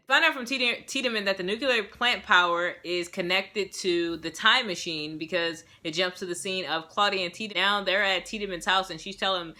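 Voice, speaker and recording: A young woman giving a casual, sassy and animated recap of a show episode, full of slang. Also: fairly low pitch, a little fast, hardly any pauses. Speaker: show reviewer.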